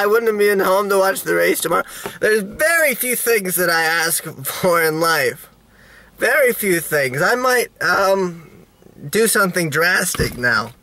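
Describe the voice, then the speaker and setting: A man vlogging in a halting, rambling way, full of restarts and fillers, with a melodramatic, self-pitying tone. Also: sits high, animated, bright, forceful tone. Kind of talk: rambling video diary.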